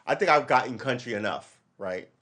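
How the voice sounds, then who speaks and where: A man's voice: mid-range voice, lively intonation, fairly quick, a bit bright. A man from Brooklyn, hosting a casual political livestream. He talks in a loose, rambling, profane way. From Brooklyn, New York. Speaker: livestream host.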